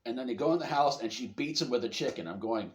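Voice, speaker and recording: A man's voice: mid-range voice, lively intonation, fast talker. A man hosting a casual comedy news podcast, sarcastic and joking. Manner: sarcastic, joking, loud bursts of laughter. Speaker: podcast host. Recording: roomy echo, faint background hum.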